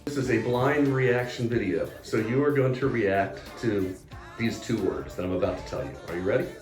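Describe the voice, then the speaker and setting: A man's voice: fairly low pitch, moderate pace, a little mellow, faint music behind. A man hosting an interview, prompting his guests in a conversational way. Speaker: host. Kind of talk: casual interview. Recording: echoey room.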